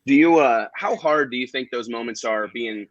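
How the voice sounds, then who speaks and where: A man's voice: mid-range voice, normal speed, no echo, muffled recording. A man hosting a casual live-stream chat, talking loosely with fillers. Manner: chatty, hesitant with fillers. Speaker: livestream host.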